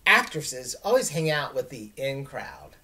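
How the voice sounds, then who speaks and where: A woman's voice: a bass voice, big pitch swings, unhurried, bright, forceful tone, full character voice. A woman voicing a theatrical, self-important middle-school girl, showy and confident.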